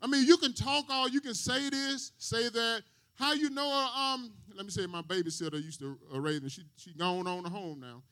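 A man preaching from the pulpit with an unusually high, sharp voice. He talks plainly and casually, and he keeps checking in with the congregation with questions like "right?" His tone is bright and forceful throughout. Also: moderate pace, hardly any pauses. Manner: call-and-response preaching, asks the congregation questions. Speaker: pastor. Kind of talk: sermon.

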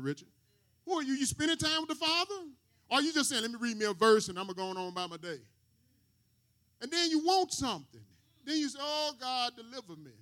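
A man preaching from the pulpit with an unusually high, sharp voice. He talks plainly and casually, and he keeps checking in with the congregation with questions like "right?" His tone is bright and forceful throughout. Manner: call-and-response preaching, asks the congregation questions. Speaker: pastor. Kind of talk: sermon.

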